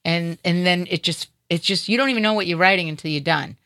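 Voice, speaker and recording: A woman hosting a radio talk show, chatting casually and telling lively stories. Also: fairly low pitch, fast talker, no echo. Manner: animated storyteller, acts out quoted voices. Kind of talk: casual chat. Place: in LA studio.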